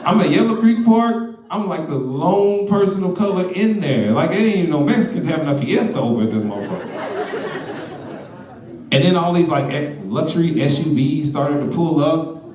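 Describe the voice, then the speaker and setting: A foul-mouthed stand-up comedian in his forties tells stories on a club stage, and his fairly high voice swings up and down. The room sounds echoey, and the mic catches him from a distance. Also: moderate pace, some chatter behind. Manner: profane, animated storytelling.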